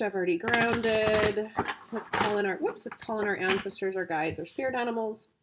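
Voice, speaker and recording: A woman's voice: mid-range voice, very noisy. A woman reading tarot cards for her viewers as a coach, gushing and emotional, easily moved to tears. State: tearful.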